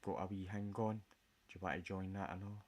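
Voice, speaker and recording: A man's voice: sits low, steady tone, brisk, a little mellow. A Scottish man in a casual, rambling chat full of jokes and swearing. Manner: jokey, rambling, swears a lot. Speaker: vlogger.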